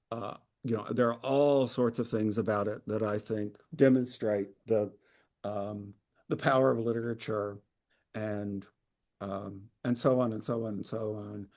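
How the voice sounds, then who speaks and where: A man's voice: fairly low pitch, a little mellow. A man leading a book club talk on a video call, hesitant with many fillers and restarts, with a wry humor. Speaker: book club discussion leader. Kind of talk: informal literary talk.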